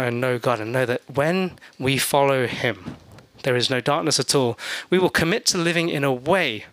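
A man's voice: medium pitch, fairly bright tone, dry recording. A man preaching a sermon as pastor, in a conversational way with humorous asides, acting out the people in his stories. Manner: acts out voices in his stories.

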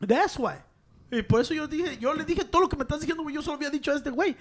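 Man, very high voice, rapid, blunt, profane. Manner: blunt, profane, says güey constantly. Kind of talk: casual chat, mixing Spanish and English.

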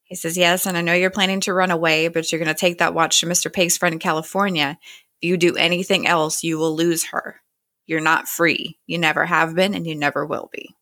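A woman with a fairly low voice retells a TV episode in relaxed, chatty paraphrase, dropping into quick little character voices. The sound is dry and close, with no room around it. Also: no room sound. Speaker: podcast host recapping a TV episode. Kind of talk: casual episode recap.

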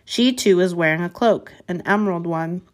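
A woman reading a novel chapter aloud in a measured way, with small slips and restarts. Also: fairly low pitch. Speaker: reader.

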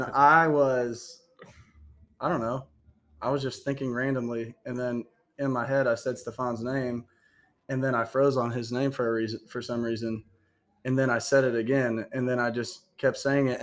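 A man's voice: medium pitch, a bit bright. Guy cohosting a podcast, goofy casual banter, swears some. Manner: joking, profane, quick to goof around. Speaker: podcast co-host. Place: studio or room with phones near the mic.

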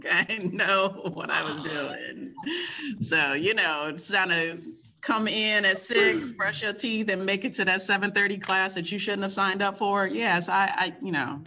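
A woman's voice: mid-range voice, fairly even intonation, a little slow, sharp tone. A woman in her fifties from Kentucky, the host's mother, telling her own story frankly and candidly in casual conversation, often laughing.

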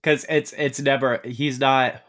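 A man in his twenties casually recapping a movie on a podcast, swearing freely and acting out the characters' lines in quick put-on voices. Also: mid-range voice, little pitch movement, a bit bright. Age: 20s. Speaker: podcast co-host.

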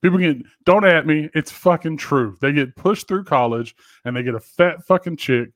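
Man, casual co-host; storyteller, swears a lot, slightly high voice, dry sound. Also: normal speed, fairly bright tone, dry recording. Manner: profane, joking storyteller. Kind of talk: casual chat.

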